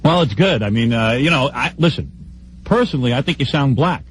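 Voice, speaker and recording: A man hosting a radio show, trading quick teasing banter with his studio guests. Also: medium pitch, animated, heavy background noise. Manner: teasing, incredulous, quick back-and-forth. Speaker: radio host.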